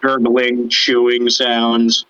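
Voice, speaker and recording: A man chatting casually on a hobby podcast with a bright, forceful edge to his voice. He talks in an animated, loose way, swears freely and slips into silly voices for laughs. The recording is dull and lo-fi. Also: medium pitch, very slow, clear, resonant tone. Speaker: podcast co-host. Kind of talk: casual chat. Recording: dull lo-fi sound.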